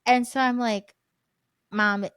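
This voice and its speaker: A woman's voice: on the high side, normal speed, slight background noise. A young woman hosting a podcast, telling a story in casual chat, acting out quotes and filling her talk with "like.". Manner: animated storyteller, acts out quotes, many "like" fillers. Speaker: podcast host.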